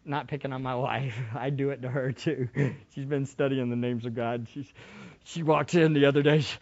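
A middle-aged man preaching a sermon, shifting from quiet asides to fervent shouting. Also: medium pitch, fairly even intonation, moderate pace, lo-fi sound. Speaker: pastor.

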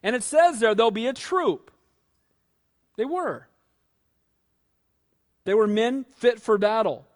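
A male pastor preaching a sermon in a lively, conversational way, often putting questions to his listeners. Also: very high-pitched, slow, pauses often.

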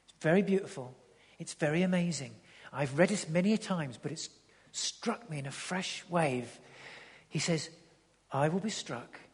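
A pastor preaches passionately, shifting between loud urging and hushed tones and repeating words as each point builds. His voice is a little high and breathy at normal speed, with long hall reverb on the recording.

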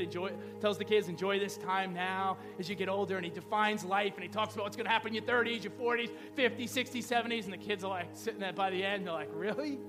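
Pastor, male, 30s, high-pitched, chatty preaching style with quips and questions; live hall sound with music bed. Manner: conversational preaching with rhetorical questions and humor. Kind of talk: sermon. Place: church sanctuary. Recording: long hall reverb with background music.

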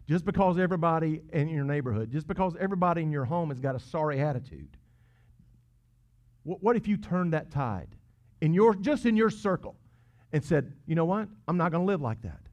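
A man's voice: a little high, animated, fairly quick. Man preaching, dull lo-fi sound. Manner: earnest preaching, rising to emphatic peaks and dropping to hushed asides. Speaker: pastor. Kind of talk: sermon.

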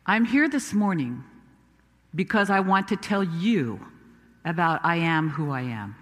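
A man's voice: fairly high pitch, sing-song, a little slow, fairly bright tone, big-room sound. A man playing Moses, a humble, self-doubting Hebrew prophet, in a first-person dramatic sermon told with earnest, emphatic storytelling. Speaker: preacher.

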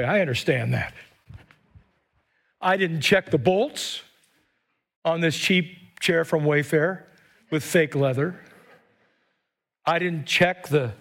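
A man preaching an animated sermon as pastor in a church, urging the congregation to say lines back and whooping between them. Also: fairly high pitch. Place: church with live stream. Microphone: microphone.

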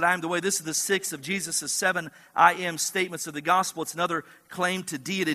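A man preaching a sermon as pastor, emphatic, often breaking in with "listen" and building to strong peaks. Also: high-pitched. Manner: emphatic, repeats "listen", rising to forceful peaks. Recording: hall reverb.

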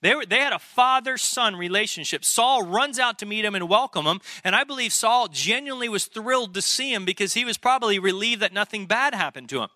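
Man, pastor, sermon, very bright sharp tone, dry close sound, emphatic. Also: high voice, expressive, fairly quick, few pauses, no echo. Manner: emphatic, conversational preaching with rhetorical questions.

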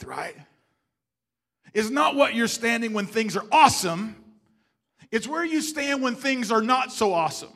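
A man preaches a sermon with an extremely high, animated voice marked by vocal fry, at a measured pace. Emphatic and stammering through restarts, he asks his congregation rhetorical questions and swings between loud emphasis and soft, hushed lines.

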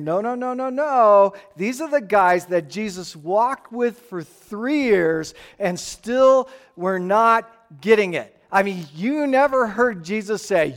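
A man preaching a sermon to a congregation in an emphatic, animated way. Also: high voice, measured pace, few pauses. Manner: animated, emphatic preaching with playful acted-out voices. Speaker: pastor.

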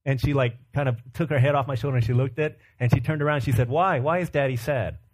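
A man's voice: mid-range voice, fairly even intonation, very fast, a little mellow. A pastor in his thirties giving a conversational sermon, asking the congregation questions and telling stories about his young children. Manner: conversational preaching with rhetorical questions and family stories.

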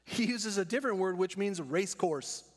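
A man preaching with a slightly high voice, earnest and deliberate, slowing on the words he wants to land. His sermon rings with the long reverb of a church hall. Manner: earnest preaching, slows down to stress key words. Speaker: pastor.

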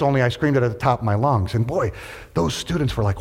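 A middle-aged man with a husky, medium-pitched voice preaches a storytelling sermon at a quick pace. He's animated, acting out every quote and each person in his story, and the long reverb of a large hall surrounds him.

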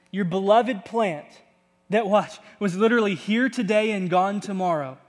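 A male pastor preaches an emphatic, conversational sermon in a fairly high voice. His words echo with a long reverb in a large church hall.

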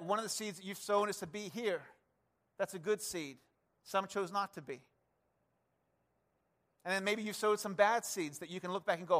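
High-voiced earnest preacher man. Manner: earnest, conversational preaching with repeated asides to the congregation; swings from low, quiet passages to raised, energetic emphasis. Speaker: pastor. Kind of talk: sermon.

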